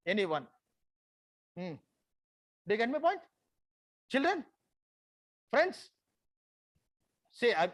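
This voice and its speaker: A theatre facilitator gives a conference talk. The speaker repeats phrases and coaxes the audience to take part. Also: mid-range voice.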